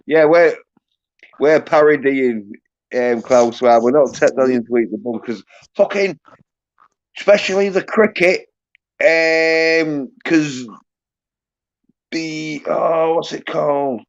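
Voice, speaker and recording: Brief: slow, halting male streamer, casual swearing, muffled lo-fi sound. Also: a little high. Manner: halting, profane, joking. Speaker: host. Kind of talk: casual livestream chat. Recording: muffled lo-fi audio.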